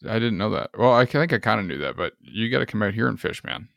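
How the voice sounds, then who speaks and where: A man's voice: on the low side, expressive, fast, creaky, a bit bright, no room sound, clean studio sound. A man hosting a podcast in casual chat, laid-back and hesitant, often trailing off. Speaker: podcast host.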